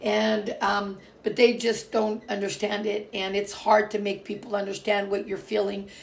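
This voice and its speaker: A woman's voice: medium pitch, monotone, normal speed, creaky. A middle-aged woman from Portugal chatting casually to her viewers, rambling and emphatic with many fillers and restarts. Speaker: vlogger. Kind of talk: casual personal talk to viewers.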